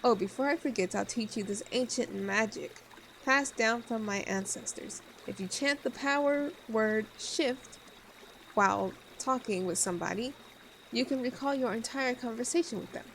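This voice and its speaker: A woman's voice: a little high, normal speed, fairly bright tone, a little hiss or hum, low-quality recording. Woman voicing a bored ancient skeleton. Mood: lofty. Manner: lofty, archaic, then slangy.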